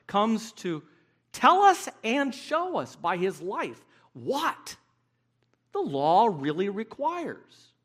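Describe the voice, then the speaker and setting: A man preaching a sermon, emphatic and animated, acting out the voices he quotes. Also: sits high.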